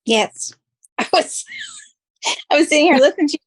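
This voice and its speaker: A woman's voice: high voice, lively intonation, normal speed. An American woman from Florida co-hosting a podcast, chatting animatedly and laughing often. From Florida, United States. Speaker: podcast co-host. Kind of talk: casual chat.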